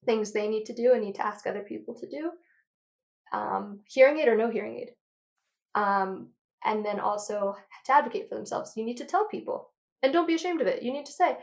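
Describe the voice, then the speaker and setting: A woman in her thirties, an audiologist, talking passionately and quickly in an interview, a bit out of breath. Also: mid-range voice, creaky. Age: 30s. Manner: passionate, rapid lecturing. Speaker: audiologist guest. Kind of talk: enthusiastic interview talk.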